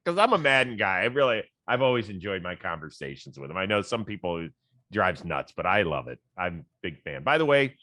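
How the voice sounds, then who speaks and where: A man from Ohio hosting a sports talk show, easygoing and quick to laugh in casual chat. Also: big pitch swings, bright, forceful tone, dry recording. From Cleveland, Ohio. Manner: easygoing, laughs often, trails off low.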